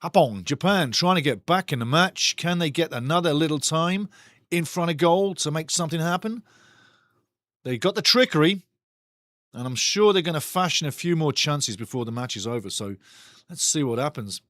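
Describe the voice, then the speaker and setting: A man hosting a live football watchalong, calling the match excitedly and reading chat messages aloud. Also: fairly high pitch, moderate pace, no echo, clean studio sound. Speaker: watchalong host. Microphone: studio mic.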